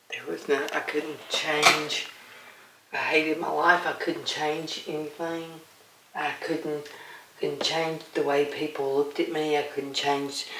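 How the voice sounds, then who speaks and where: A woman recounting her own story in a documentary interview, halting and repeating herself as she speaks. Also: low voice, fairly bright tone, echoey room, recorded from a distance, slight background noise, rough recording. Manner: halting, repeats words, trails off. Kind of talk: emotional documentary testimony.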